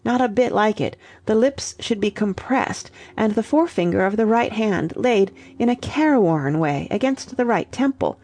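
A woman's voice: medium pitch, animated, normal speed, hardly any pauses, darkish tone, pitched above the performer's own voice. A woman voicing Sally, a witty young woman who mocks her brother in a playful, lightly theatrical way. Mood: mocking.

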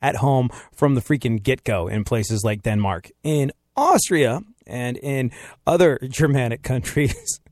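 A man hosting a talk radio show, telling a story casually with frequent laughs and lively, animated delivery. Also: medium pitch, unhurried, no room sound, studio quality. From United States.

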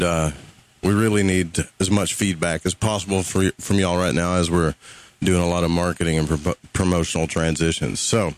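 Deep-voiced Southern US radio host. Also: male voice, dry recording. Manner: laid-back, rambling, swears casually. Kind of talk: casual live radio talk.

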